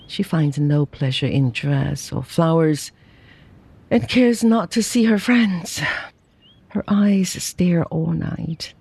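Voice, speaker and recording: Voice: medium pitch, lively intonation, creaky, a little mellow, breathy edge, full character voice. A reader voicing a mournful old-world merchant father. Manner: slow, sorrowful and plain-spoken. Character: grieving middle-aged Chinese merchant father, quiet and mournful.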